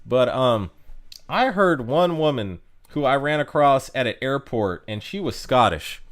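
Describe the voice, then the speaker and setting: A man's voice: medium pitch, expressive, a little slow, fairly bright tone. An American man chatting casually to viewers on a live stream, rambling, with lots of fillers and restarts. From United States.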